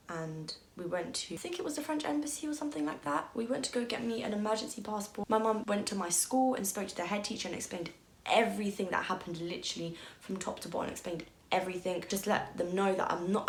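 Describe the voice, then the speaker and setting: A woman's voice: medium pitch, a little fast, gravelly, slight background noise. A young woman telling a personal story on her vlog, candid and emotional, peppered with "like" and the odd swear. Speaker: vlogger. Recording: echoey room.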